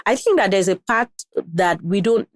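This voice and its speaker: Animated woman coaching on marriage. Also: medium pitch, moderate pace, no room sound, studio quality. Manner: animated, acts out quoted spouses, keeps asking "do you see?". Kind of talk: podcast advice talk.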